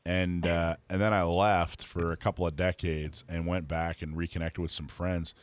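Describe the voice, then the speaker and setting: A man's voice: sits low, little pitch movement, normal speed, smooth. A man from North Florida hosting a radio show, asking friendly questions in casual talk and restarting often. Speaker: host.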